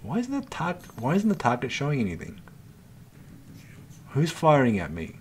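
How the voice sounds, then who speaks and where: A man with a medium-pitched voice that swoops wildly, speaking at normal speed over slight background noise, hosts a gaming channel. His live gameplay commentary is exasperated and full of swearing as he plays, talking both to himself and his viewers.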